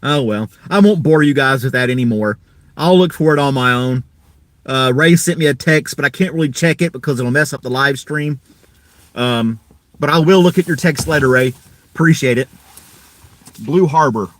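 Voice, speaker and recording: A man's voice: medium pitch, normal speed, fairly bright tone, no room sound. A man hosting a casual live stream, rambling in an easygoing way and chuckling often.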